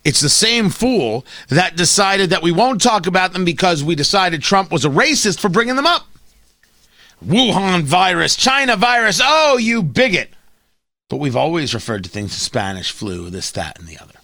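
Middle-aged male talk radio host, combative and sarcastic, fairly high and bright, very dry close sound. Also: very animated, a little fast, few pauses, dry recording. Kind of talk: opinionated talk radio monologue.

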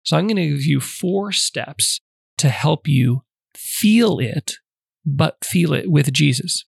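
A man hosting a podcast, calmly teaching prayer in numbered steps with a casual, conversational manner. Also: a little high, takes it slowly, creaky, breathy edge, no room sound, clean studio sound. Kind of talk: casual instructional talk.

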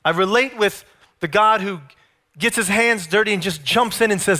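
A man's voice: high-pitched, lively intonation, normal speed, pushed and bright. A man preaching a sermon, emphatic and full of rhetorical questions put to his listeners.

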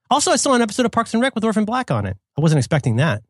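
A man's voice: sits high, wildly swooping pitch, rapid-fire, breathy edge, no room sound, studio quality. A man co-hosting a podcast in casual chat, playful and joking, often drifting into silly sung bits. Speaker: podcast co-host.

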